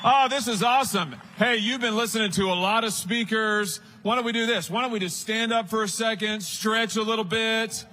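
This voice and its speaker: Male political speaker, rally address, emphatic and repetitive, a little high-pitched, bright and punchy. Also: steady tone, normal speed, few pauses, a little hiss or hum. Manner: emphatic, repetitive, talks straight to the crowd. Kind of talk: rousing political rally speech.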